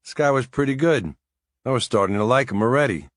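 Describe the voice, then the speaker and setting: A man narrating a first-person thriller audiobook in a wry, measured, weary way. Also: medium pitch, lively intonation, dry recording, clean studio sound.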